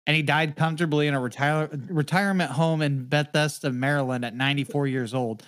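A man's voice: fairly high pitch, steady tone, fairly quick, fairly bright tone. A man hosting a casual podcast, rambling and swearing a lot as he tells a story. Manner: profane, rambling, laughs often. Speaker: podcast host.

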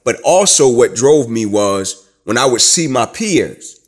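A man from Atlanta tells his story in an interview. He speaks emphatically, like a preacher, and builds to loud, rising climaxes. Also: medium pitch, sing-song, measured pace. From Atlanta, USA. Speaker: guest, former student.

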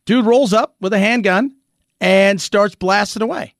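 A man hosting a commentary show, talking through the news in an animated, rhetorical way, often restarting his sentences. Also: high voice, measured pace, creaky, no room sound, studio quality.

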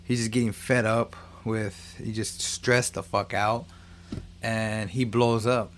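A man's voice: fairly low pitch, level tone, slow pace, slight background noise. Man swearing through a casual movie recap. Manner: loose, profane storytelling with frequent restarts.

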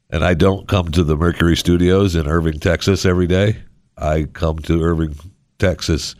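A man's voice: very deep voice, darkish tone, no echo. A man hosting a radio talk show, rambling on in a sarcastic, jokey monologue from a studio microphone.

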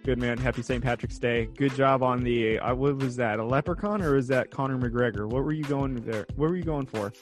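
A man co-hosting a casual sports talk show from his living room at home, teasing and joking between steady analysis. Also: medium pitch, brisk, hardly any pauses, soft background music.

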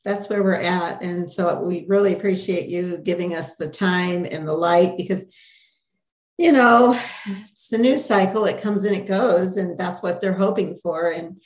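An older woman speaking as an interview guest in an earnest, determined, measured way. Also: lowish voice, darkish tone, echoey room. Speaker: guest, mother of a detained officer. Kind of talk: candid interview conversation.

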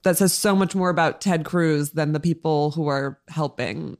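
A woman's voice: low-pitched, moderate pace, darkish tone. An American woman co-hosting a podcast in casual chat, talking loosely with lots of fillers and frequent laughter. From United States. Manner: chatty, laughs often, many fillers. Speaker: podcast co-host.

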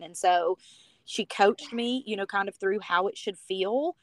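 A woman's voice: medium pitch, measured pace, dry recording. A woman from the United States telling her personal story as a guest on a podcast, chatty and heartfelt, with lots of "you know" and "like".

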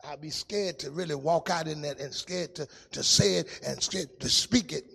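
A man preaching a testimony sermon in a sing-song style, dropping to a hush and rising to shouts. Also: a little high, moderate pace, creaky, breathy edge, long reverb tail.

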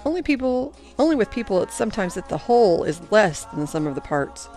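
A woman voicing a kindly older male grandfather in an audiobook, speaking gently and patiently. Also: mid-range voice, sing-song, fast talker, faint music behind, lightly acted. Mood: quiet, warm. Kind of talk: audiobook character reading.

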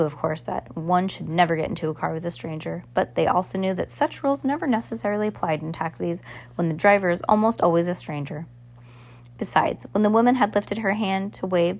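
A woman reading a novel aloud as narrator, with occasional slips and restarts. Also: fairly low pitch. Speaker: reader. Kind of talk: amateur audiobook narration.

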